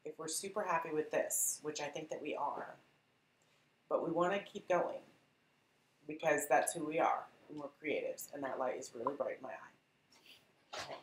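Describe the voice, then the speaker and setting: A woman's voice: sits low, moderate pace, long pauses, echoey room, slight background noise, low-quality recording. A woman teaching a live painting class, chatty and encouraging as she talks to her viewers. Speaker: art instructor.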